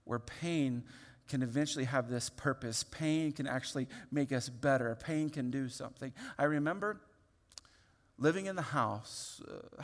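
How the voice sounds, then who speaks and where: A male pastor in his thirties tells a story from the pulpit, lively and open, often stopping and restarting his sentences. His mid-pitched voice carries a long reverb from a large hall. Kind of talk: sermon storytelling.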